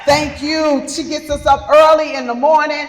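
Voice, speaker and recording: A woman's voice: sits high, steady tone, normal speed, over a noisy crowd, heavy background noise. A middle-aged woman hosting a live podcast panel, introducing guests with effusive, repeated words of praise. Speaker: podcast host. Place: retreat event room with live audience. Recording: roomy hall with long reverb.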